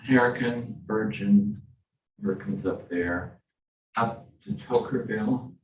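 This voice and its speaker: A man's voice: fairly low pitch, takes it slowly, darkish tone, muffled recording, slight background noise. A man on a redistricting commission directing a mapping session, with dry sarcastic asides, recorded in a roomy meeting room from a distance. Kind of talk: working meeting discussion.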